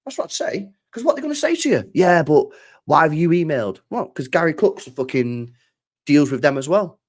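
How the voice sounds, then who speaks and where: A man's voice: a little high, normal speed. A man hosting a live football stream, swearing freely and acting out imagined conversations. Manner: swears freely, animated, acts out imagined dialogue. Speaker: football channel host.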